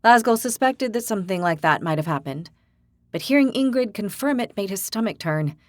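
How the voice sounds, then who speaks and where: A woman narrator reading a fantasy audiobook, steady and even. Her voice sits mid-range, recorded close and dry with no room sound. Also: mid-range voice, fairly quick, dry recording. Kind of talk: scripted narration.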